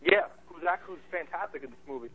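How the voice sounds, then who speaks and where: A man's voice: on the high side, lively intonation, slightly rough. A man talks films with friends in casual chat, full of enthusiasm and stumbling over his words as he restarts sentences. The recording sounds a little dull and lo-fi. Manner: enthusiastic, halting with many restarts. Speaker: podcast co-host, movie reviewer.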